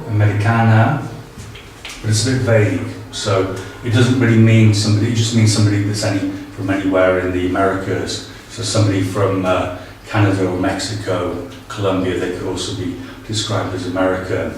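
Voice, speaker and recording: A man's voice: lowish voice, flat delivery, a little fast, darkish tone. A man teaching a casual spoken tutorial, hesitant and full of ums and uhs. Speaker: language teacher. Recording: very echoey, distant, faint background noise.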